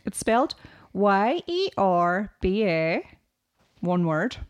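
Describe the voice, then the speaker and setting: A woman co-hosting a podcast, chatty and quick to laugh. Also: medium pitch, big pitch swings, highs cut off. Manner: chatty, laughs often, spells words out. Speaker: podcast co-host. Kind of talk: casual chat.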